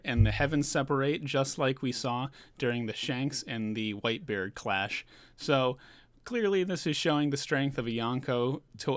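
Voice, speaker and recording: A man's voice: medium pitch, dry recording. A man giving a casual, loose recap of a manga chapter, chuckling now and then and talking with plenty of fillers. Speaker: manga reviewer.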